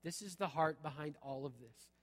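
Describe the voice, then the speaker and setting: Middle-aged male pastor, bright high-set voice, punchy conversational preaching, live church sound with long reverb. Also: normal speed. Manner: punchy, repeats "okay?" often. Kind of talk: sermon. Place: church sanctuary.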